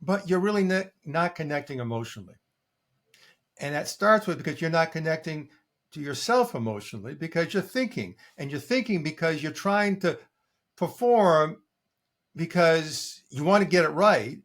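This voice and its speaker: Older male coach, slightly high-pitched, lively anecdotal delivery. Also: normal speed. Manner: animated storytelling, acting out quoted clients. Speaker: coach and guest. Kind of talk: conversational interview answer.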